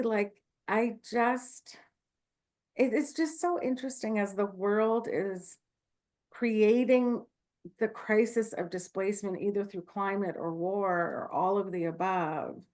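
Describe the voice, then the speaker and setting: A woman's voice: mid-range voice, a little mellow. A woman midwife speaking passionately and candidly on a video call, with many fillers and restarts. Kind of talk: online talk Q&A, casual.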